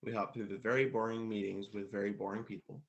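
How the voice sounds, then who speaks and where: A man reading a children's storybook aloud at a church service, plain and steady. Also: fairly low pitch, quick pace, vocal fry, dull audio.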